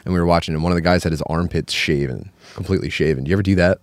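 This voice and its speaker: A man with a fairly low voice co-hosts a podcast and chats casually. He rambles, trips over himself and circles back mid-sentence. The sound is dry and close, with almost no room around it. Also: racing, dry recording. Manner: rambling, full of filler words and self-corrections. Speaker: podcast co-host. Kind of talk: casual chat.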